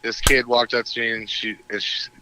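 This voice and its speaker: A man calling into a live show, cracking crude deadpan jokes in casual chat. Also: medium pitch, normal speed, background noise. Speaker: caller. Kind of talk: casual joking phone-in.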